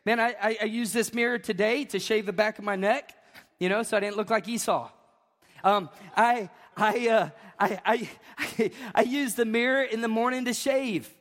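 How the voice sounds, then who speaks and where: A man preaching a fervent sermon as pastor, moving between shouted peaks and chatty asides. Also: high-pitched, moderate pace, long reverb tail. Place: church sanctuary.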